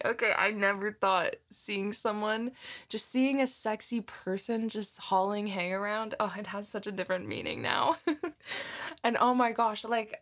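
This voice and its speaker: A twenty-year-old woman chatting casually to her listeners, telling a story in an animated way and swearing freely. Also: medium pitch. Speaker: audio creator chatting with listeners. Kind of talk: casual rambling chat.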